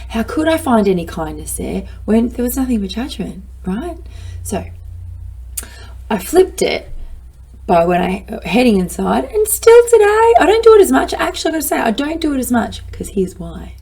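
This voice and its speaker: A middle-aged woman talks straight to her listeners about self-kindness. Her voice carries a gravelly fry and a husky, breathy edge. She is lively and playful, often slipping into her own inner voice. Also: medium pitch, normal speed. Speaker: self-help speaker. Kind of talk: motivational talk to camera.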